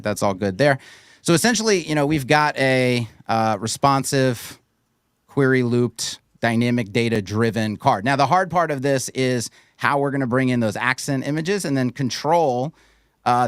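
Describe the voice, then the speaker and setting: A man talks through a live build at speed, sure of every step. His voice is smooth and crisp. The sound is dry and close, with no room around it. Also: medium pitch, dry recording. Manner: fast, confident technical walkthrough. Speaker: guest web designer. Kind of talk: live screen-share tutorial.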